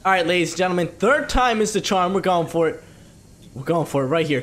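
A man giving playful, excitable commentary over a video game walkthrough. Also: high-pitched, fairly quick. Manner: excitable, playful hype talk. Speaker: gaming commentator. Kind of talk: let's play commentary.

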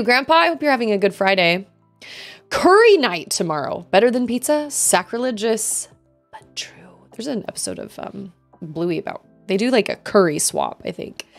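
A woman streamer chatting casually with her viewers while she plays, rambling and answering chat as she goes. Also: medium pitch.

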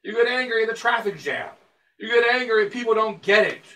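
A priest giving an emphatic sermon, driving points home with rhetorical questions and repetition. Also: male voice, high-pitched, lively intonation, a little fast, bright, forceful tone. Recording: voice picked up from a distance.

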